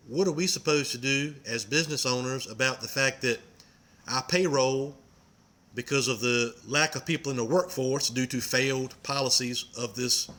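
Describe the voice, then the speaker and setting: Bright-voiced man, earnest and frustrated. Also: medium pitch. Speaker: podcast co-host, business owner. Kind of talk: casual political talk.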